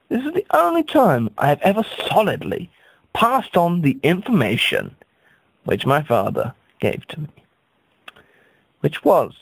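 A man delivering a rambling, absurd comic monologue, stammering and jumping up into high squeaks for effect. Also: vocal fry, no room sound.

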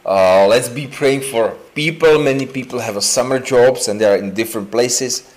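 A man preaching an informal, joking sermon in a church, full of fillers and restarts. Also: medium pitch. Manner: chatty and joking, with many fillers and slow restarts. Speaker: pastor. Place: church sanctuary indoors.

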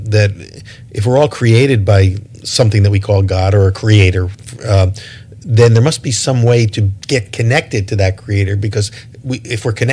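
Thoughtful low-voiced man, halting. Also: a little mellow. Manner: thoughtful, many restarts and repeated words. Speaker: guest. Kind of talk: reflective interview talk.

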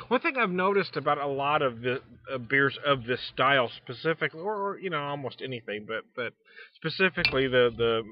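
A man's voice: mid-range voice, expressive, moderate pace, dry recording, dull audio. A man reviewing beer in a casual vlog, rambling with restarts and speaking frankly, with some mild swearing. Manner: rambling, frequent restarts and fillers; frank, mildly profane.

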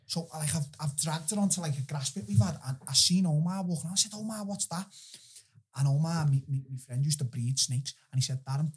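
A young man, a podcast guest, telling animated, profane stories in casual chat and laughing through them. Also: fairly high pitch, a little fast, breathy edge.

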